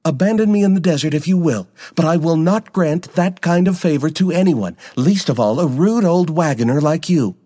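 A man's voice: a little high, moderate pace, few pauses, dark tone, voice pushed up, natural voice. A man voicing a haughty young aristocratic woman who speaks in a prim, indignant way.

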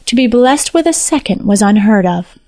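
A woman narrating a fantasy story in a measured storytelling manner. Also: fairly high pitch, expressive, a little mellow, no room sound.

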